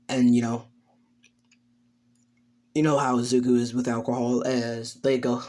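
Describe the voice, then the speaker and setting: A man's voice: mid-range voice, level tone, a little slow, pauses often, warm tone. A man narrating an improvised fan story, hesitant, full of fillers and self-corrections.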